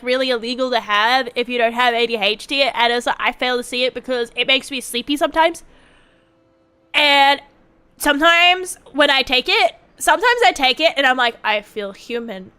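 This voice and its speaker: A young woman streamer ranting casually and profanely to her chat, animated and exasperated. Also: sits high.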